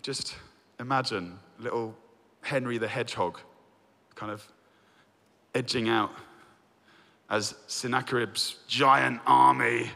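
A man teaching through a Bible book, reading verses aloud and telling it with lively storytelling. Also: medium pitch, slow pace, gravelly, pauses often. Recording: long reverb.

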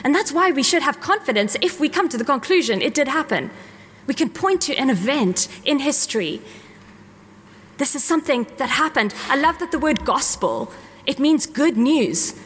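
A woman's voice: sits high, sing-song, moderate pace, a bit bright, in a large hall, a little hiss or hum. A woman giving an earnest, enthusiastic talk on faith to a live audience, often correcting herself mid-sentence.

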